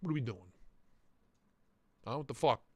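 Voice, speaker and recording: Reviewing knife listings on a casual live stream, this man speaks at medium pitch and a moderate pace through a blocked, stuffy nose. He riffs and jokes with mock outrage, and there's no room sound.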